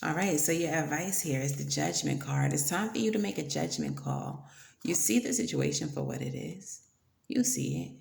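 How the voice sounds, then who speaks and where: A woman giving a casual tarot reading, blunt and playful, swearing now and then between soft fillers. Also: low voice, sing-song, normal speed, vocal fry, roomy sound. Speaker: tarot reader.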